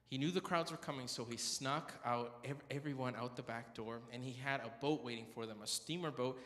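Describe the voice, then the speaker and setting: Speaking a little fast in a mid-range, slightly bright voice, a church speaker tells stories at a prayer meeting. The church hall gives a big-room sound, and his talk is chatty and joking, with frequent self-corrections.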